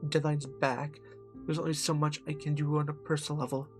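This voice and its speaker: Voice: medium pitch, flat delivery, brisk, music in the background, natural voice. A streamer voicing a kind, weary female professor in a put-on posh manner while playing a narrative game. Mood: worried. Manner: attempted posh accent.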